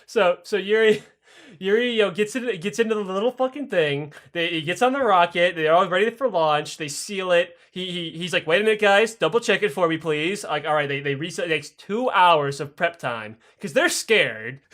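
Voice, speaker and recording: High-pitched guy rambling through a history story, swearing a lot, podcast vibe. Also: lively intonation, moderate pace, fairly bright tone. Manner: rambling, profane, laughing. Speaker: podcast co-host.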